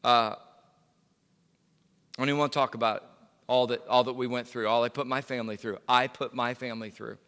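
A man's voice: mid-range voice, steady tone, brisk, long pauses, a bit bright, clean tone, long reverb tail. A male pastor preaching a sermon in a conversational way, full of fillers and restarts. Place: church sanctuary.

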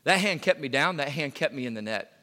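A man's voice: a little high, animated, fairly quick, pushed and bright, big-room sound. A male pastor preaching a sermon in a conversational way, full of fillers and restarts. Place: church sanctuary.

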